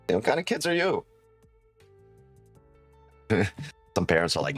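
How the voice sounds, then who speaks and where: A man's voice: on the high side, sing-song, normal speed, pauses often, faint music behind. A man, a trading streamer, chatting casually on a live stream, swearing a lot, joking and laughing often.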